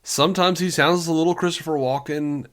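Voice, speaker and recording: A man co-hosting a podcast in casual chat, animated and mocking. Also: fairly high pitch, a little fast. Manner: animated, mocking, breaks into laughter. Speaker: podcast co-host.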